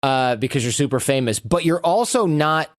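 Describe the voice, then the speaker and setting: Man telling lively stories. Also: medium pitch, moderate pace, no echo, clean studio sound. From United States. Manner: animated storyteller who acts out quoted lines. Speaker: podcast guest. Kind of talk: casual interview conversation.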